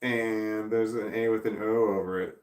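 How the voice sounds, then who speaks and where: American man, livestream host, rambling chat reading comments, lowish voice, distant roomy recording. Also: level tone, moderate pace, a little mellow. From United States. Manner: rambling, thinking aloud, trailing off and restarting. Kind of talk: casual live chat reading viewer comments.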